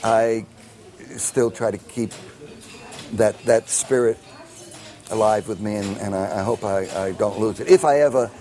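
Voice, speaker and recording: Older man telling a story, low voice. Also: a little slow, pauses often. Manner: animated storyteller acting out quoted dialogue, many fillers and restarts. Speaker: film composer. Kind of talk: anecdotal storytelling in an interview.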